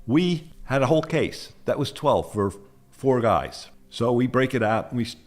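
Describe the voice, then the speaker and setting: A man's voice: mid-range voice, normal speed. Older man telling war stories plainly. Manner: plainspoken, animated when recounting confrontations. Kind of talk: casual first-person storytelling.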